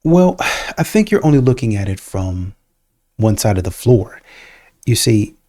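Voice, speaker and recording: A man's voice: on the low side, very animated, measured pace, mellow, dry recording, clean studio sound. A young man hosting a reaction video, rambling through argumentative rebuttals in casual commentary. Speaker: host reacting to clips.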